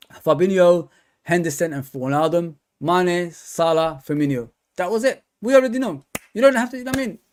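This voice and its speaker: A male fan channel host reviews a football match live. He talks in a loose, chatty way, full of fillers and restarts. His voice sits a little higher than most men's. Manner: casual and chatty, with many fillers and repeats.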